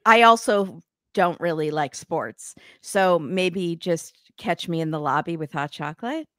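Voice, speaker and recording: A woman co-hosting a casual podcast, giving opinionated quick asides. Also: lowish voice, lively intonation, fairly bright tone, no room sound, studio quality. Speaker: podcast co-host. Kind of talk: casual chat.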